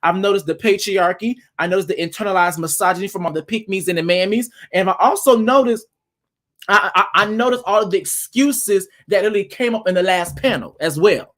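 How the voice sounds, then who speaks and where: A man's voice: high-pitched, fairly quick, fairly bright tone. A man hosting an online panel discussion, talking emphatically and stacking his points in repeated phrases. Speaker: panel host.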